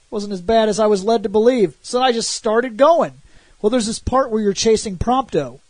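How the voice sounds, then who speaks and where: A man with a high-pitched voice, recorded without room sound, co-hosts a casual gaming show in podcast form. He spins energetic stories, voicing the quotes and cursing liberally.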